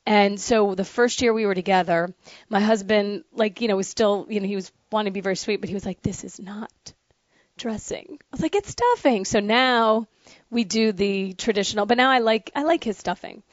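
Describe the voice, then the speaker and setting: A woman from the northern United States co-hosting a casual chat, telling lively stories and laughing easily. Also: medium pitch, no echo, muffled recording. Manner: chatty, lively storyteller, quick to laugh. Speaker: co-host.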